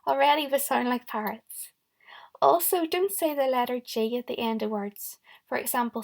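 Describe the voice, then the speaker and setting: A young woman teacher with a fairly high voice and a gravelly edge records a lesson for small children. She is encouraging and speaks straight to them, praising their answers as she goes. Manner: encouraging, talks directly to the children. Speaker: primary school teacher.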